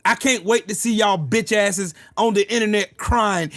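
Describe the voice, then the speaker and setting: Speaking at normal speed with few pauses, a livestream host with a high, somewhat bright voice launches into a heated, profane, repetitive political rant and responds to chat. The sound is dry and clean, like a studio.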